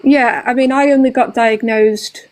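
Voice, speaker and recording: A woman's voice: on the high side, fairly even intonation, a little slow, darkish tone, low-quality recording. A woman in her thirties with a British accent, explaining her view at length in a casual live-stream chat. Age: 30s.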